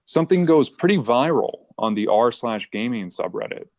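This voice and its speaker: A man's voice: mid-range voice, animated, moderate pace, vocal fry, darkish tone, no room sound. A young man co-hosting a podcast, telling a rambling, self-mocking anecdote. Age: young adult. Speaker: podcast co-host and stand-up comic.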